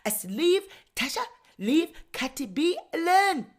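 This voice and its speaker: Woman doing a mumbling African husband. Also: unhurried. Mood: pleading. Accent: put-on West African French. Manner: low, mumbling, evasive, deadpan refusals. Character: sheepish middle-aged African husband under oath.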